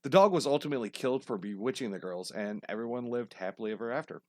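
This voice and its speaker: A man's voice: medium pitch, lively intonation, fast, darkish tone, no room sound, clean studio sound. A man co-hosting a podcast, retelling history as crude comedy, swearing often and laughing at his own jokes. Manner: profane, joking, puts on silly voices. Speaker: podcast co-host.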